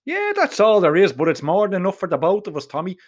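A man playing a swaggering Dublin bandmate with a cocky, shouty streak, voiced by the same Irish storyteller in an audiobook. The voice sits a touch high and turns loud when he flares up. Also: rapid-fire, slightly rough. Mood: coaxing. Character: brash male Sinatra impersonator, cocky bandmate.

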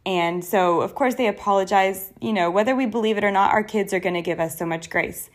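A young adult woman hosts her own podcast in an earnest, personal way. She talks conversationally, with a voice that sits in a middle pitch. Her delivery is that of a solo speaker addressing listeners directly. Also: fairly quick. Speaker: podcast host.

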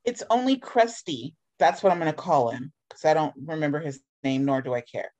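A woman's voice: sits low, expressive, fairly quick, darkish tone, dull audio. A woman co-hosting a casual chat, blunt and sarcastic about a character she dislikes. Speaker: podcast co-host.

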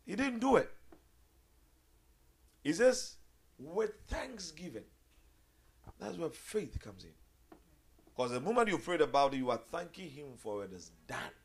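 A man preaching a sermon, animated, swinging between loud high outbursts and low quiet stretches. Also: measured pace, breathy edge. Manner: animated, acts out quoted voices with big jumps in pitch.

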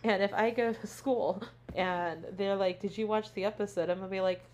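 A woman's voice: mid-range voice, steady tone, moderate pace, a little mellow, highs cut off, a little hiss or hum. A woman co-hosting a casual podcast, animatedly recapping a show and acting out the characters' lines, with plenty of swearing. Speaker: podcast co-host; teacher.

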